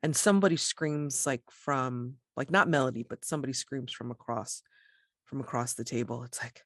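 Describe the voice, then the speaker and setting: A woman narrating a tabletop role-playing game as game master, describing scenes in a measured way. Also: extremely low pitch, fairly bright tone, no room sound, studio quality.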